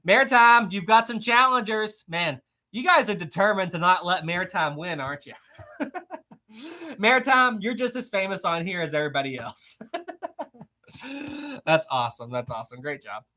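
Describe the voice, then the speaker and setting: Bright, upbeat trivia quiz host. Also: mid-range voice, big pitch swings, normal speed. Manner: upbeat, laughs often, repeats praise and questions. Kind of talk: casual live-stream chat reading answers from viewers.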